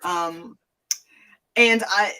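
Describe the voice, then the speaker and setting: A woman's voice: medium pitch, sharp tone, recorded from a distance. Laughing Tennessee woman telling a wild story. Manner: laughing, swearing, quick anecdote with voiced quotes. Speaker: guest entertainer. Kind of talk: animated storytelling in casual chat.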